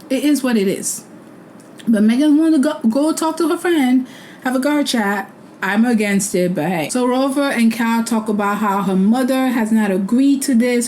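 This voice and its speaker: A woman's voice: fairly high pitch, warm tone, slight background noise, poor audio. A young woman hosting a casual recap, talking bluntly and opinionated. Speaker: host.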